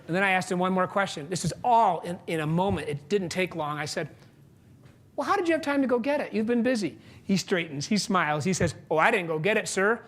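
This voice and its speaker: A man giving a motivational speech on stage, telling a story and acting out both sides of a conversation, with sudden drops to a hush and jumps to loud. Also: sits high, slight background noise. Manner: animated storytelling, acts out dialogue, big swings between loud and quiet; asks the audience questions and pauses for punchlines. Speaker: keynote speaker and author. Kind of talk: motivational speech to a live audience. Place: stage before a large audience.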